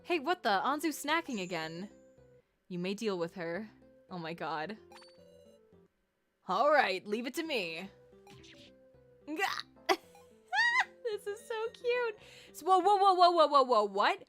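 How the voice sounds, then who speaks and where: A woman streaming a game reaction, gushing excitedly, swearing a lot and squealing at things she loves. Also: on the high side, slow, pauses often, faint music behind. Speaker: streamer hosting a watch party.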